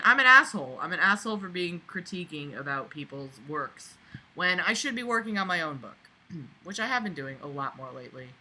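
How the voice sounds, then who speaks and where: A woman reading a book aloud and mocking it, swearing and breaking into loud sarcastic rants. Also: fairly low pitch, slight background noise. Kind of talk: sarcastic hate-read commentary.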